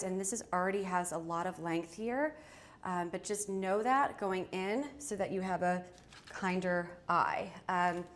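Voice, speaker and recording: A woman hosting a live fashion try-on from her small home studio, chatty and addressing viewers directly. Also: mid-range voice. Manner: chatty, self-interrupting, talks to viewers. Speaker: fashion livestream host. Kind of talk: casual live try-on chat.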